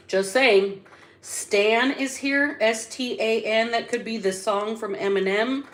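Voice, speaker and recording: Slow, blunt woman reading tarot. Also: fairly high pitch. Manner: blunt, slow and drawn out, with sudden emphatic bursts. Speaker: psychic tarot reader. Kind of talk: casual spiritual reading.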